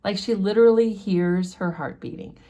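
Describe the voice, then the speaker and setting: A woman's voice: mid-range voice, steady tone, normal speed, warm tone. A woman hosting a casual book discussion, explaining a chapter in a chatty way with many fillers. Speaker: book study host.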